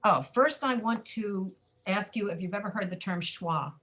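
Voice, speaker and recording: A woman's voice: medium pitch, animated, normal speed, fairly bright tone. A woman teaching a pronunciation class over a video call, explaining patiently and checking in with her students. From Florida, USA.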